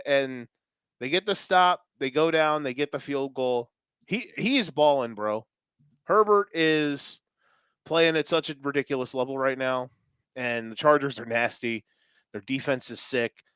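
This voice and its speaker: A man co-hosting a sports podcast, talking fast and animated with swearing and jokes. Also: mid-range voice, clean tone, no echo. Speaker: podcast co-host. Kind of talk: excited sports talk.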